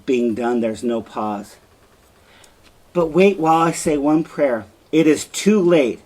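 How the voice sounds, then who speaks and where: A man reading aloud as an anguished, jealous male general, declaiming loudly in a lesson. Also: a little high, animated, slow, pitched above the performer's own voice, poor audio. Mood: raging. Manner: loud declamatory Shakespeare reading.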